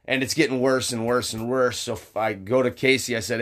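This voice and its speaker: A man's voice: medium pitch, steady tone, a little fast, fairly bright tone. A young man chatting casually on a podcast, rambling with lots of fillers, restarts and swearing. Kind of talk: casual storytelling chat.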